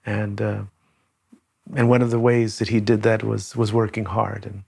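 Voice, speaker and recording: An older man from Southern California telling a reflective personal story as a conference speaker, with many pauses and restarts. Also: lowish voice, level tone, vocal fry, darkish tone, slightly rough.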